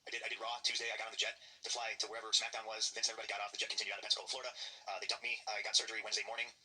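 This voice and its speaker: A man's voice: on the low side, completely flat delivery, sharp tone, slightly rough, rough recording. A man telling candid stories as an interview guest, blunt and heavily profane. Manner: profane, blunt, rapid-fire anecdotes. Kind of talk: candid casual storytelling.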